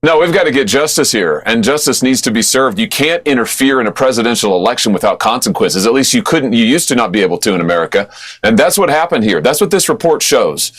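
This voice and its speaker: Man, politician, forceful, declarative, mid-pitched. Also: expressive, fast talker. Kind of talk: political statement.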